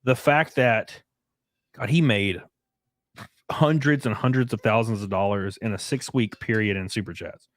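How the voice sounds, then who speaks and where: A man hosting a casual livestream podcast, rambling and excitable, with sudden high-pitched outbursts. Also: normal speed, no room sound. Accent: Southern US. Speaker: podcast host.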